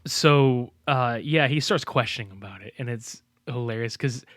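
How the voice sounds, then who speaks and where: A man's voice: mid-range voice, moderate pace, fairly bright tone, dry recording, clean studio sound. A man co-hosting a podcast, recapping a film in casual chat, cursing often, laughing and acting out the characters' lines. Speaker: podcast co-host. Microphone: desk microphone.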